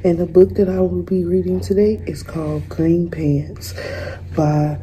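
A young woman, a student, reading a children's picture book aloud in a gentle, unhurried way. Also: fairly low pitch, level tone, slight background noise, rough recording. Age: young adult. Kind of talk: storybook read-aloud.

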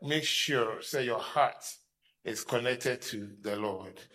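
A man's voice: mid-range voice, slow pace, pushed and bright. A Ghanaian man, a pastor, giving an emphatic teaching talk and switching between Twi and English.

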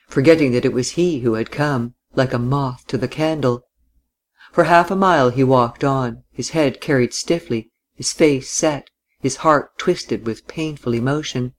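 A man narrating a novel in a measured, even reading style. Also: medium pitch. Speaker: audiobook narrator. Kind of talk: scripted narration.

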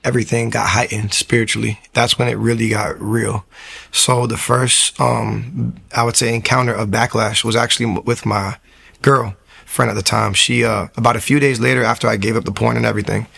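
A man telling his conversion story with earnest fervor, his voice full of gravelly fry. He speaks at a middling pitch and keeps circling back with fillers and restarts. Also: level tone, brisk, pushed and bright. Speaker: guest sharing a testimony. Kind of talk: casual spoken testimony.

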